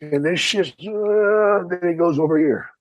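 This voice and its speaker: A man's voice: fairly high pitch, steady tone, brisk, dry recording, lo-fi sound. A man in his sixties telling stories in casual podcast chat, drawling and swearing freely. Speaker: podcast co-host.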